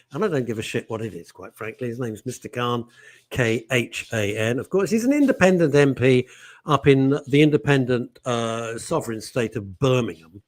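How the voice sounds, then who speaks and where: A middle-aged man hosting a talk show, chatty, jokey and opinionated, with bursts of indignation. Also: medium pitch. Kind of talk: casual chat.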